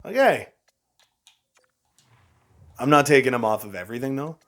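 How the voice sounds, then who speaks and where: A man's voice: mid-range voice, big pitch swings, normal speed. Exasperated young man narrating gameplay. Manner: frustrated, exasperated, self-mocking with frequent laughs. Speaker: gaming YouTuber. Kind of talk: casual gameplay commentary.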